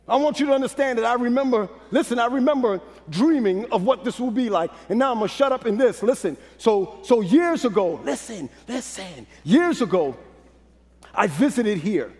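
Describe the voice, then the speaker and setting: High-voiced Brooklyn pastor preaching in a hall. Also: male voice, expressive, normal speed. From Brooklyn, New York. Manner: preachy call-and-response, swinging from low hush to shouted peaks. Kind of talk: sermon. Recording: long hall reverb.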